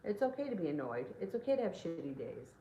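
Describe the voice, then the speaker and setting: A woman's voice: lowish voice, big pitch swings, fast, warm tone, slight background noise. A woman doing tarot readings on a casual livestream, talking frankly with lots of "like" and the odd swear word. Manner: chatty, peppered with "like", frank swearing. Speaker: tarot reader. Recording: roomy echo with faint ambience.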